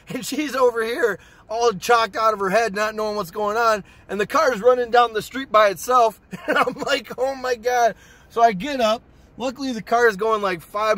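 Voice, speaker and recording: A young man telling a personal story to his channel in a casual, profane, excitable way. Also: high voice, dry recording. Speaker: storytime vlogger.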